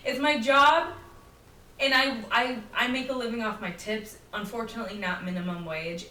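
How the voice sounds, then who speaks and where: A young adult woman hosting a solo podcast, telling a story in an animated, chatty way and acting out what people said. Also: on the high side. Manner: animated, chatty, acts out quotes. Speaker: podcast host. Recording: roomy, slightly distant mic with faint noise.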